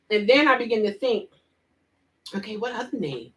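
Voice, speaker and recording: A woman vlogger casually retelling a story and chatting with viewers, animated and quick to laugh. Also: a little high. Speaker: vlogger hosting a live chat.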